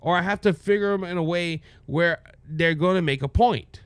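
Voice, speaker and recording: A man's voice: high voice, normal speed, clean tone, dry recording. A man with a Cajun accent, a minister hosting a political commentary podcast, talking in a folksy way with frequent restarts. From Louisiana.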